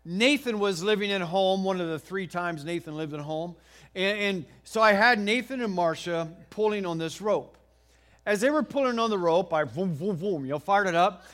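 High-voiced man preaching a folksy sermon. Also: normal speed. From United States. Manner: folksy, animated storytelling with repeated restarts. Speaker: pastor. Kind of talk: sermon with personal storytelling.

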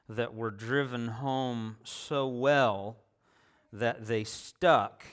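Guy preaching a sermon real slow, mid-pitched voice, repeats stuff to drive it home. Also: a bit bright. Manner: slow, deliberate delivery with repetition for emphasis; conversational, with fillers and rhetorical questions.

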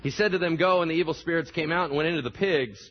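A man preaching a sermon as a pastor, animated and acting out the voices of people in the story. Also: a little high, fast talker, dull audio.

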